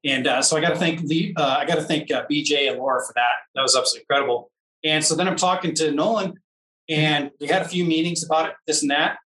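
Man, casual rambling storyteller, bright forceful tone, roomy echo, a bit off-mic. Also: fairly high pitch, fairly even intonation, quick pace, recorded from a distance. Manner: rambling, searches for words, acts out quoted dialogue. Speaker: off-road racer.

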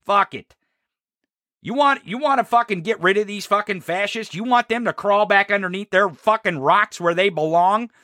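A man's voice: high-pitched, moderate pace, hardly any pauses, pushed and bright, no echo, studio quality. A man hosting a political talk show, delivering a fiery, profane, combative rant. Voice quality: heavy swearing, fiery and combative.

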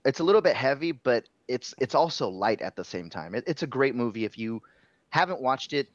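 A man's voice: mid-range voice, very animated, a little fast, no room sound, highs cut off. A man co-hosting a podcast, gushing about a movie he loves, emphatic and swearing in casual chat. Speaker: podcast co-host.

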